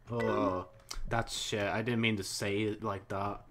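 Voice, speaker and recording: With slight background noise, a young gaming channel host plays through a let's play, casually mumbling as he reads chat aloud, types, comments, and swears freely. He speaks slowly in a lowish, fairly bright voice with little pitch movement.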